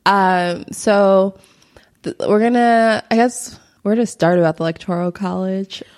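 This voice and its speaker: A woman's voice: medium pitch, unhurried, a little mellow. A woman co-hosting a podcast, explaining history in a rambling casual chat with many fillers and frequent laughter. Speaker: podcast co-host.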